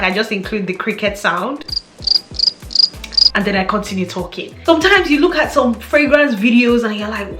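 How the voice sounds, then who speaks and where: Young woman, playful vlogger, bright high voice, roomy echo with soft music behind. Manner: chatty, playful, laughs often. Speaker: fragrance vlogger. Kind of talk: casual chat to camera. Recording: echoey room with faint music.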